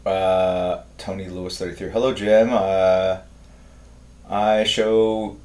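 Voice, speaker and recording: A man with an American accent casually chatting on a live stream while he draws, reading viewer comments aloud in a low-key, mumbling way. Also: fairly even intonation, slow, darkish tone, reverberant. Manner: reads viewer comments aloud, laughs often, tries awkward German.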